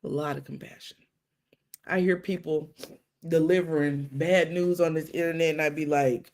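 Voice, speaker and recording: A middle-aged woman hosting a live stream, telling stories with quoted dialogue and hushed asides. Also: low voice, moderate pace. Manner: animated storytelling with quoted dialogue and dramatic hushes. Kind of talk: casual live-stream talk.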